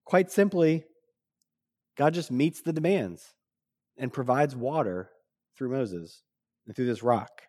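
A man's voice: mid-range voice, slow, pauses often, a little mellow. A man preaching a sermon in a conversational way, often asking "right?" and joking with the congregation. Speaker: pastor.

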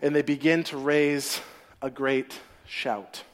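A male pastor preaching a sermon as an animated storyteller who acts out the scenes. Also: medium pitch, takes it slowly.

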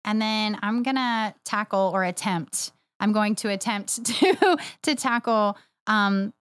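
A woman's voice: mid-range voice, slow, fairly bright tone, clean tone, dry recording. Chatty, laughing woman podcast co-host. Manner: chatty, laughs often, emphatic agreement. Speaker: podcast co-host, church next steps director. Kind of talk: casual chat.

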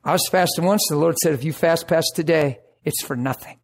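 A man preaching and telling a personal story in an animated way, acting out the voices of others. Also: on the high side, a little fast, gravelly. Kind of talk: sermon storytelling.

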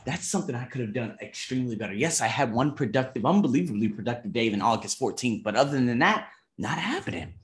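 A man in his thirties reviewing his month in a vlog, emphatic and animated, swearing casually and acting out conversations. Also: mid-range voice, quick pace, echoey room. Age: 30s. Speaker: vlogger.

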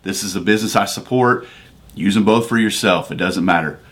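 A man's voice: on the low side, brisk, fairly bright tone, no room sound. A man hosting a devotional podcast. He talks conversationally and builds into emphatic, preacherly bursts. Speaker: podcast host.

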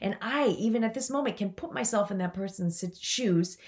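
A woman's voice: medium pitch, brisk. A woman hosting a motivational podcast, talking to her listeners in an enthusiastic, chatty way. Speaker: podcast host and coach.

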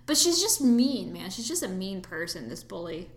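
In an echoey room, a woman co-hosting a podcast reviews a film in a loose, chatty way. She talks at normal speed, uses lots of fillers, and her pitch swings animatedly.

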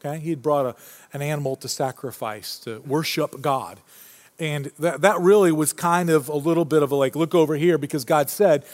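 A pastor with a high, light voice gives a conversational sermon, speaking a little fast and telling stories in a relaxed way. He often circles back and restarts phrases while building his points, and a long reverb tail from a big church hall trails his words.

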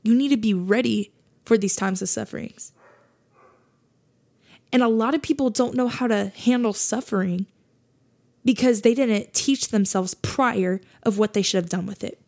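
A woman's voice: a little high, moderate pace, long pauses, darkish tone. A woman hosting a faith podcast, talking earnestly in a monologue and repeating her points for emphasis. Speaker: podcast host.

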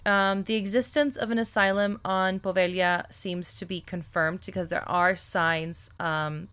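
A woman co-hosting a casual podcast, chatty and loose, swearing freely and filling pauses with ums. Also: mid-range voice, fairly bright tone, smooth. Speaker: podcast co-host. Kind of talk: casual chat.

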